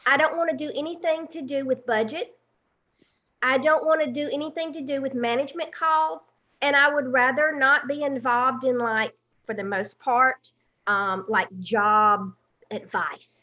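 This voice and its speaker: A woman's voice: high-pitched, steady tone, normal speed, sharp tone, muffled recording. A woman from Alabama with a Southern accent, a guest in a casual chat, talking in a chatty way with fillers and restarts. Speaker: guest, content manager.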